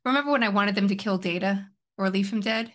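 A woman's voice: mid-range voice, fast. A woman co-hosting a casual podcast chat, musing aloud in a chatty way. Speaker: podcast co-host.

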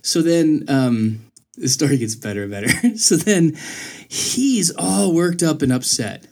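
A young man in casual chat, telling a story in an animated way and jumping up in pitch when he quotes people. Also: unhurried, vocal fry. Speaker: storyteller in conversation.

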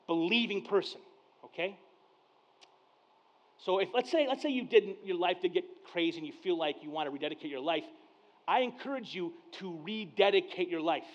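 A pastor preaching a sermon to his church, telling family stories in a casual, conversational way and acting out the dialogue, dropping to a hush and then getting loud. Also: high voice, lively intonation, normal speed. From Mexican heritage. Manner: conversational storyteller, acts out dialogue, swings from hushed to loud. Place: church service. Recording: dull lo-fi sound.

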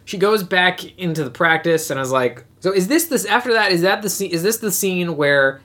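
A podcast co-host chatting casually about a film. The voice sits at a middling pitch, and the talk wanders, hesitates and restarts as plot points are recalled. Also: expressive, fairly quick, a bit bright. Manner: rambling, hesitant, full of fillers and restarts. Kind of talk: casual chat reviewing a movie.

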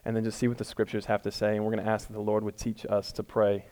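A man's voice: fairly low pitch, monotone, quick pace, warm tone. A man preaching a conversational sermon to his congregation, casual and self-deprecating, building to emphatic peaks. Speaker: pastor. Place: church room before a congregation.

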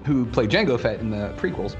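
Man, podcast host, casual chat, excited ranting, profane, laughs a lot, faint music behind. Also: mid-range voice, fairly quick, dull audio.

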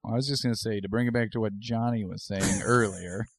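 A man chatting on a podcast with friends, working through his thoughts in a loose, rambling way. His voice sits on the low side. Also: steady tone, brisk, slightly rough, no room sound. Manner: rambling, with many fillers. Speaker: podcast co-host. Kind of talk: casual chat.

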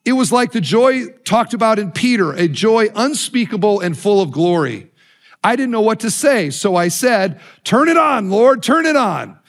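A man voicing a joyful 82-year-old man who overflows with delight, exclaiming with rising excitement. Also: high voice, moderate pace. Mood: elated.

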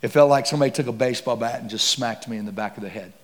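Preacher telling a story in a big echoing hall. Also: male voice, medium pitch, racing. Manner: dramatic, swings from hushed to loud and excited. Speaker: pastor. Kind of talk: sermon storytelling. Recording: long hall reverb.

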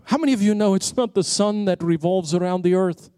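A middle-aged man from South Africa preaching a sermon, telling a story and building to excited peaks before dropping into a hushed prayer. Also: high voice, a little fast, few pauses, clear, resonant tone, no room sound, clean studio sound.

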